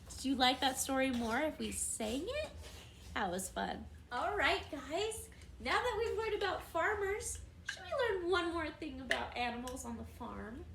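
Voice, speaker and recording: Young woman, preschool teacher. High voice, slow, sing-song, encouraging. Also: creaky, a bit bright, echoey room, slight background noise. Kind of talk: recorded lesson for young children.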